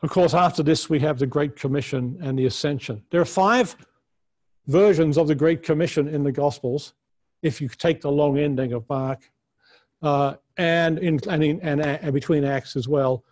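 A man teaches a conference session on the Bible with a somewhat high voice. His delivery is earnest and unscripted, and he often restarts his sentences as he works out his point. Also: moderate pace, darkish tone. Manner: earnest, thinks aloud with frequent restarts and fillers. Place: conference room.

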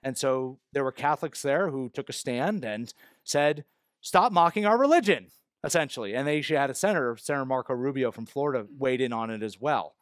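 A man's voice: mid-range voice, fast talker, no room sound, studio quality. A male pastor preaching a sermon, explaining the text in a conversational way with emphatic stresses. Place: church.

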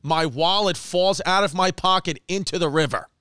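Animated storytelling comedian, crisp dry sound. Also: male voice, high-pitched, normal speed, dry recording. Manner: animated, profane, slips into mock voices and Spanish phrases. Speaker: podcast host.

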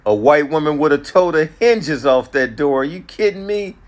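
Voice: medium pitch, sing-song, moderate pace. A comic delivering a mocking, incredulous rant to camera. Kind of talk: comedic rant.

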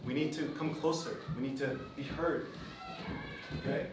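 Emphatic preacher in an echoey hall. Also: male voice, on the high side, fairly even intonation, moderate pace. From Philippines (Kapampangan). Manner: emphatic, repeats key phrases. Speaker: pastor and host. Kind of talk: sermon to a live group. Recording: echoey room, distant mic, background noise.

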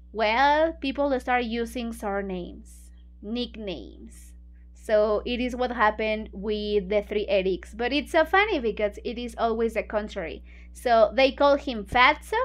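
High-voiced, slow-talking woman teacher. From Mexico. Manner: conversational, many fillers, explains words in Spanish. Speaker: book club teacher. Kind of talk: retelling a story for English learners.

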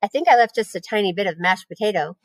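A woman's voice: mid-range voice, expressive, fast, dry recording, clean studio sound, natural voice. A woman reading aloud, voicing an eager, anxious young male pig who pleads and asks many questions. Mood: pleading.

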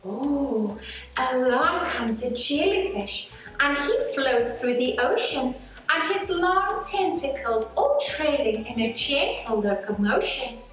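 Woman teacher, storybook reading, sing-song, high voice, slow, echoey room. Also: lively intonation, fairly bright tone, far from the mic. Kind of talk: reading a picture book aloud. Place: school. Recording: echoey room, faint music.

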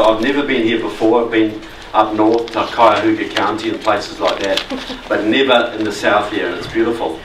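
Kiwi guy giving a talk to a crowd, chatty but punchy, echoey hall, mic kinda far off, bit of hiss. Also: medium pitch. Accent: New Zealand. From New Zealand. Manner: conversational, emphatic. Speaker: guest speaker. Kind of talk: public political talk. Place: meeting hall.

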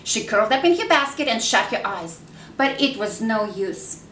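Woman children's story reader; high, slow, animated sing-song delivery; echoey room, faint noise. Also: distant mic. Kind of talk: reading a picture book aloud to children.

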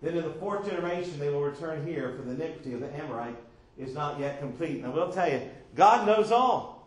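A man's voice: a little high, lively intonation, fairly quick. A man preaching a sermon as pastor, drawing call-and-response with repeated questions to the congregation. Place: church sanctuary. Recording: echoey church room from far off.

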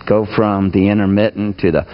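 A man's voice: fairly low pitch, fairly even intonation, fairly quick, dull audio. A man preaching a conversational sermon in a church, folksy and asking the congregation questions.

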